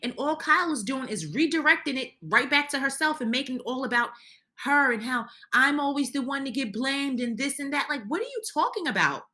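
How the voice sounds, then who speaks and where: Woman, high-ish bright voice, indignant reality-TV recap commentator, heated and full of restarts. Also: expressive, brisk.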